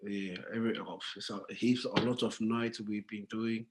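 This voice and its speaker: A man's voice: on the low side, steady tone, normal speed, a little hiss or hum, poor audio. A man, a rugby player, chatting as a podcast guest in a laid-back way with easy chuckles. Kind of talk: casual podcast chat.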